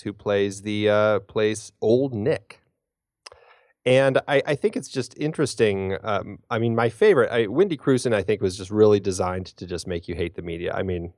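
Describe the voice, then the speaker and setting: A man co-hosting a film podcast, casual and hesitant, often restarting his sentences. His voice is fairly low, and it is recorded close and dry with no room sound. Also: darkish tone, dry recording. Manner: hesitant, many fillers and restarts. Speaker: podcast co-host.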